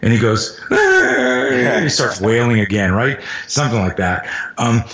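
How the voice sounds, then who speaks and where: A man's voice: mid-range voice, sing-song, unhurried, gravelly, a bit bright. A middle-aged man, a self-defense instructor, telling stories in casual, profane talk and acting out sounds and quotes. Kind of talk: casual storytelling in conversation. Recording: roomy, dull lo-fi sound.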